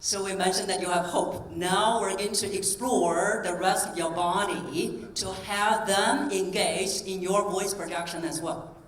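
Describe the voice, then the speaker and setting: A woman's voice: medium pitch, fairly even intonation, a little slow. A woman voice coach delivers a keynote to a convention crowd, demonstrating and asking the audience questions. She is recorded from a distance in a large hall, so her voice carries a roomy echo. A faint ambient hiss sits underneath. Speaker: voice coach and speaker.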